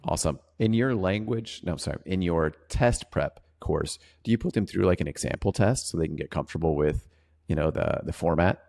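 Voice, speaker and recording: A man's voice: low voice, brisk, gravelly, a little mellow. A man co-hosting an interpreting podcast, chatting casually and often checking in with "right?". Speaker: podcast co-host.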